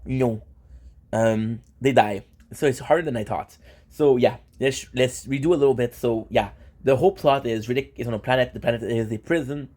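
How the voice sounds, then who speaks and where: A man's voice: medium pitch, darkish tone. A young man talking casually in a vlog, rambling with fillers and restarts. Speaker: vlogger.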